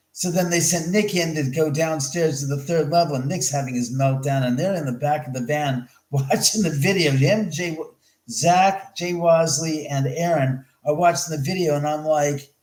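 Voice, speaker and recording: A man hosting a livestream, telling a story in an animated, rambling way with plenty of swearing and repeated words. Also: on the high side, reverberant, poor audio. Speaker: host of a livestream.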